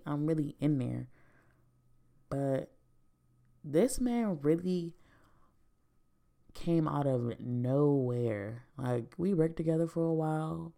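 A woman's voice: low-pitched, creaky, warm tone. A young woman talking to her viewers in a casual, rambling monologue, candid and slangy, swearing freely. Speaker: vlogger.

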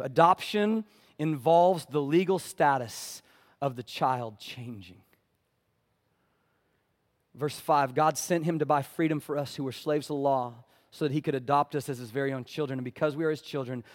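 A man preaching a sermon as pastor, swinging from loud pleading passages to hushed ones and calling for amens from the congregation. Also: medium pitch. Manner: calls for "amen" from the congregation.

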